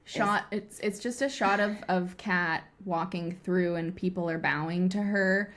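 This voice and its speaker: A woman's voice: fairly low pitch, a little slow, a bit bright. Chatty woman podcast co-host. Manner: rambling, lots of fillers, laughs easily. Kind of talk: casual chat recapping a TV episode.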